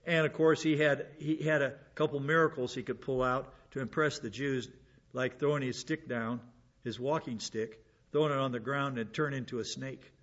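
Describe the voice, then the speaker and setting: A man's voice: mid-range voice, steady tone, moderate pace, lo-fi sound. A man giving an informal Bible lesson, chatting along, repeating words and asking rhetorical questions. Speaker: Bible teacher.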